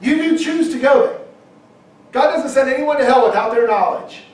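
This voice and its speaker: A middle-aged man preaching a sermon, emphatic, at times shouting and acting out quoted objections. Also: very high-pitched, animated, normal speed. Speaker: pastor. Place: church hall. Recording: very echoey hall from far off.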